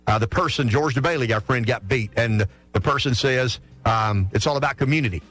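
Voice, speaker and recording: A man's voice: medium pitch, a little fast, a bit bright, no room sound, soft background music. A middle-aged man from South Carolina with a Southern accent, hosting a call-in radio show in a frank, folksy way, often restarting his sentences. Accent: Southern American. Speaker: radio talk show host. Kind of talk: opinionated call-in radio monologue. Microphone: studio microphone.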